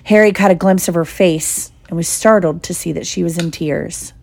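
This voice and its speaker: A woman's voice: on the low side, moderate pace, gravelly, darkish tone. A woman reading a children's novel aloud in a plain storytelling manner. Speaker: audiobook reader.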